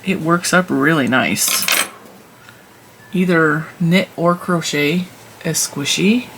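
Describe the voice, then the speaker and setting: With a deep, gravelly voice and a slow pace, this woman hosts a knitting and crochet channel, knitting as she reviews yarn. She's chatty and rambling, drifts into tangents, and laughs at herself, all over a noisy background.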